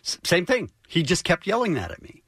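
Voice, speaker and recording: A man co-hosting a radio show, telling a story in a casual, animated way and acting out the voices of the people in it. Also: high voice, fairly quick, husky.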